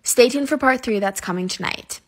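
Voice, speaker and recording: A woman telling a scary story from her own life to camera, in an earnest, steady way. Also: on the high side, moderate pace.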